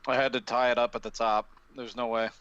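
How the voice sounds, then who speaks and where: A man's voice: mid-range voice, little pitch movement, a little fast, a bit bright, clear, resonant tone, dry recording, dull audio. A man playing a tabletop game, talking casually and hesitantly, with many uhs. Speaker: player.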